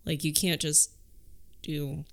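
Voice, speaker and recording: Co-host, mid-pitched, smooth clear voice, dry quips. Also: flat delivery, slow. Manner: brief agreeing replies, dry quips. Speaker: podcast co-host. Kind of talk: casual chat.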